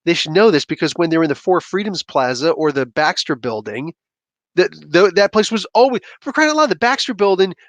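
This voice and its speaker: Animated rambling man, slightly high voice. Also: fairly quick, no room sound. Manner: animated, rambling, jumps into sudden outbursts. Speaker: comic book review host. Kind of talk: casual commentary.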